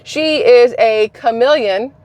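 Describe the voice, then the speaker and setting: A woman's voice: a little high, slow, darkish tone, no room sound. A woman hosting a political commentary vlog, talking in a blunt, opinionated, casual way. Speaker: channel host.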